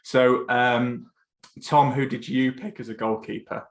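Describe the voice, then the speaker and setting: A young man with an Essex accent hosts a relaxed football chat. He talks in a loose, chatty way, now and then dropping a swear word, in an ordinary mid-range voice. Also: mid-range voice, unhurried. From England. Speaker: podcast host. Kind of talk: casual chat.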